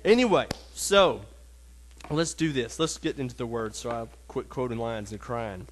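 A man leading a casual Bible lesson in a mid-pitched voice. He talks in a halting, earnest way, full of fillers and restarts, with feeling close to the surface. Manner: earnest and emotional. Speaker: Bible study teacher.

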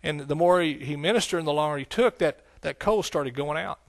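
A male preacher with a somewhat high voice delivers a sermon to his church in a homespun, conversational way. He slips into stronger, emphatic stretches and leans on call-and-response asides. The sound is close and dry, with little room around it. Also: brisk, vocal fry, no echo. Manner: folksy, rising to emphatic preaching with scripture quotes. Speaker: pastor. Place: church sanctuary.

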